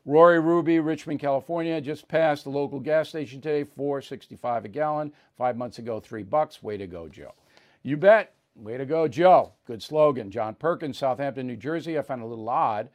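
A man's voice: medium pitch, moderate pace, darkish tone. A man hosting a talk show, reading listener mail and answering with blunt, opinionated retorts.

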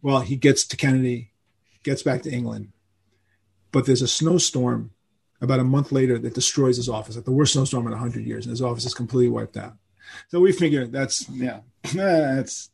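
An older man from New York, a rock musician telling stories in a casual interview, animated and acting out the voices of people he quotes. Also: medium pitch, moderate pace, creaky, husky. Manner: animated storyteller who acts out quoted voices.

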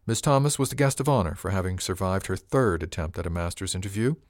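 A man narrating a science-fiction audiobook in the first person, with measured, even storytelling. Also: low voice, no echo, studio quality.

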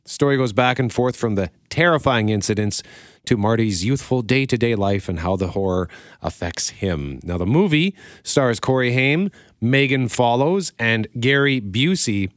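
A man's voice: mid-range voice, expressive, moderate pace, no room sound, clean studio sound. A man in his forties hosting a casual show, chatty and laughing often as he tells stories. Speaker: radio show host reviewing movies. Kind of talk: casual chat.

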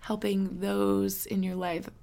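Her voice is medium in pitch, creaky and dark, with a level tone and a slow pace. She's a podcast host in her twenties talking on her own, casual and candid, full of fillers and little laughs.

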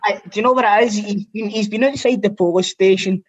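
A man's voice: sits high, steady tone, brisk, slightly rough, dry recording, dull audio. Scottish guy on a podcast, amused and chatty, close dry sound. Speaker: podcast host. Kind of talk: casual chat.

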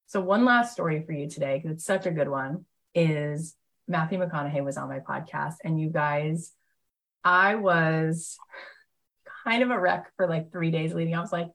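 A woman's voice: deep voice, moderate pace, a bit bright. A woman hosting a live motivational workshop, telling stories in a gushing, enthusiastic way with lots of casual fillers. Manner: chatty, heavy use of fillers like "like". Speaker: motivational host and coach.

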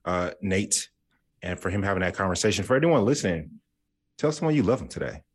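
A man's voice: deep voice, very animated, fast talker, slightly rough. A man co-hosting a casual chat, playful and jokey, laughing as he imitates his friends. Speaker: podcast co-host.

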